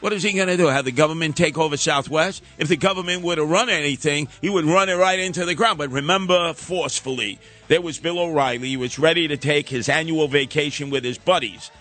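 A man hosts talk radio in a sarcastic ranting style, slipping into mocking sing-song asides. His voice sits a bit high and sounds bright and forceful, with faint music underneath. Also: fairly quick, hardly any pauses.

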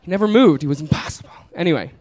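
A man's voice: fairly high pitch, expressive, rapid-fire, a little mellow. A young man telling a funny story to a live audience, laid-back and laughing through it. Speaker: comedian telling a story on stage. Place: small live venue.

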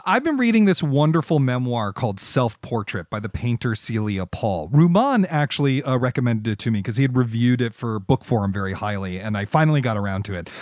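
A man's voice: medium pitch, no room sound, clean studio sound. A man hosting a podcast in casual chat, playful and teasing with his co-host.

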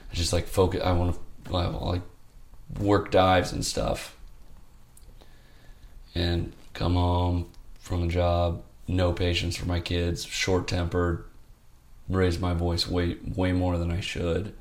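A man's voice: low-pitched, completely flat delivery, slow pace. A man speaking as an interview guest, telling a candid personal story in a rambling, heartfelt way full of fillers.

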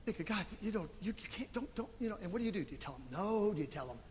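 A middle-aged man preaching a sermon as pastor, animated and emphatic, with sudden loud swells. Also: high voice, very fast, big-room sound, a little hiss or hum. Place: church sanctuary.

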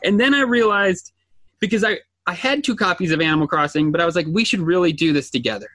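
High-voiced animated dad storyteller. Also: male voice, fast, no room sound. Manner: animated storytelling, acts out quotes. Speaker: podcast co-host. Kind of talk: casual chat.

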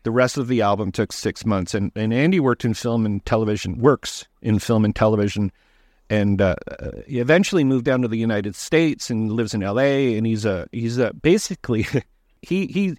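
A man, a documentary director, answering interview questions in a casual, halting way, with frequent restarts and fillers. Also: mid-range voice, expressive, no echo, studio quality.

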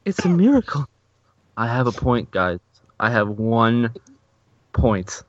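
A man's voice: mid-range voice, sing-song, slow, dry recording. Joking man on a muffled podcast. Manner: joking, exaggerated complaints. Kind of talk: casual game night banter.

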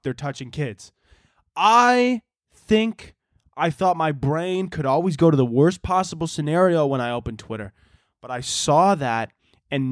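A man's voice: fairly high pitch, dry recording, studio quality. A young man hosting a podcast, rambling through a profane, comedic monologue. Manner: profane, rambling, animated storytelling. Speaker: podcast host.

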